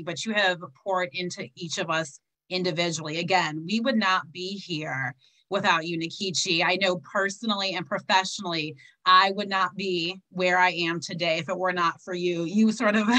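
A woman with a bright, forceful voice pitched a little low speaks over a video call. She delivers an earnest tribute, repeating the person's name as she drives each point home. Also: poor audio. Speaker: guest speaker. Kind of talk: heartfelt tribute speech.

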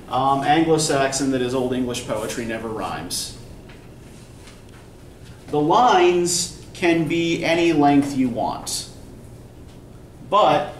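A male instructor lectures a class in a patient, explanatory way, pausing often to ask whether everyone follows. He sounds set back from the mic in an echoey classroom, with a faint hum of room noise behind him. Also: fairly high pitch. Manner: patient, explanatory, checks understanding with frequent "right?". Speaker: college English instructor. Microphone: recorder at a distance in the room. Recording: roomy distant classroom recording with faint background noise.

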